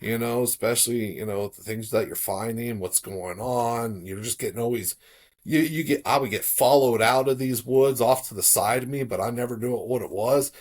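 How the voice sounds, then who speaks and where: A middle-aged man from South Florida talks through a personal story as a podcast guest, in an easygoing, conversational way. His voice sits at an ordinary pitch for a man. It perks up when he acts out what other people said. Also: normal speed. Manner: relaxed, animated when quoting others. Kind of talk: casual storytelling.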